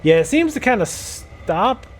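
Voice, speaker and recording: A man's voice: sits high, very animated, measured pace, a little hiss or hum. A man chatting casually as he plays a video game, musing aloud and laughing often. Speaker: gameplay video host. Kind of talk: casual gameplay commentary.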